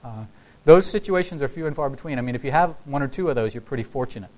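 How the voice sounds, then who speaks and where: A man giving a sermon to his congregation in a relaxed, conversational way, breaking into the voices of the people in his text. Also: mid-range voice, quick pace, rough recording. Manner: conversational, acts out quoted dialogue. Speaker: pastor.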